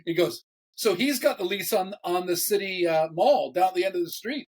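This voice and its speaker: A man, a pastor, telling a story in a casual interview, animated, often repeating words and laughing as he talks. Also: high voice, normal speed, low-quality recording.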